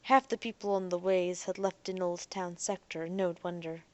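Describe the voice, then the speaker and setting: A woman narrating an audiobook in a soft, even storytelling voice that sinks almost to a whisper at times. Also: on the low side, moderate pace, lo-fi sound.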